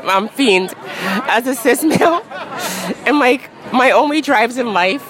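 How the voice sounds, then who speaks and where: A woman in her thirties talks openly and chattily, filling her sentences with "like" and easy laughs. Her voice sits a little high, and the murmur of a crowd carries behind her on an outdoor city street. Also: lively intonation, unhurried, poor audio. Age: 30s. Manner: frank, chatty, peppered with "like" and laughs. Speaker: interview guest. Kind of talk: candid street interview.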